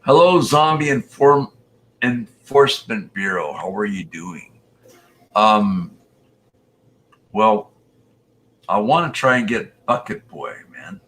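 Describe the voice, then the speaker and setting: A man's voice: on the low side, lively intonation, slow, long pauses, a bit bright. A man hosting a casual live stream, chatting with callers and reading viewer comments aloud.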